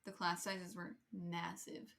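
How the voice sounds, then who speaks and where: A woman's voice: on the low side, completely flat delivery, takes it slowly, vocal fry, a bit bright. A young woman co-hosting a podcast in casual chat, blunt and joking, cheering her co-host on.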